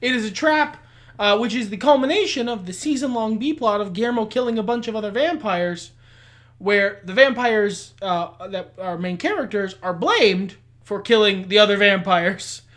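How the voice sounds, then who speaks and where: Podcast cohost, mid-pitched voice, blunt and sweary, laughs a lot. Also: moderate pace, a bit bright. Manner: blunt, opinionated, swears freely; laughs often while talking. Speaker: podcast co-host. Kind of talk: casual chat.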